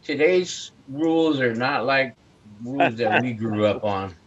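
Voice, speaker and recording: Slow-talking man on muffled call audio. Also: medium pitch. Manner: slow, laughs often. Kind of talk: casual chat on a video call. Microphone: video call.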